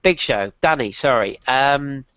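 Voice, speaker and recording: A man's voice: mid-range voice, fairly bright tone, dry recording, dull audio. A man hosting a casual football podcast over an online call, with a cold, joking and laughing easily. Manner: jokey, quick to laugh. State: has a cold. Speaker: podcast host.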